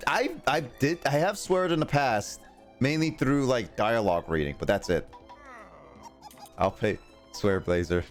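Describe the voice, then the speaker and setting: A young man chatting casually while streaming a game, rambling, reading viewer messages aloud and laughing often. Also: medium pitch. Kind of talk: casual live-stream chat while gaming.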